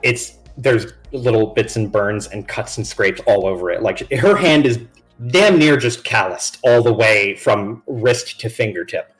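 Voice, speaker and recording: A man's voice: on the low side, expressive, unhurried, fairly bright tone, faint music behind. A man narrating a tabletop game as game master on a live stream, in a loose and rambling way with many restarts.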